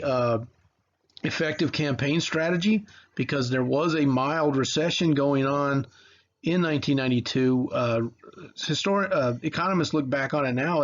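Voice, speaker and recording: A man's voice: medium pitch, highs cut off. A man in his forties from Mississippi, giving a casual history lecture in a conversational, rambling way, with many fillers and restarts. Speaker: history teacher.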